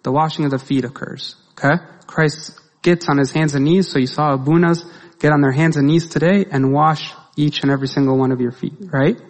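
Male preacher, slightly high voice, lively rhetorical sermon, big reverberant church hall. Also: fairly quick. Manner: asks the congregation rhetorical questions, lively. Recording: long reverb of a large hall.

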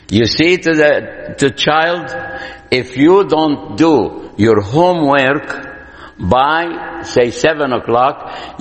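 Slow, deliberate man. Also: mid-range voice. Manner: slow, deliberate, repeats key points for emphasis. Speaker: speaker giving parenting advice. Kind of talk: lecture-style talk. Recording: long hall reverb.

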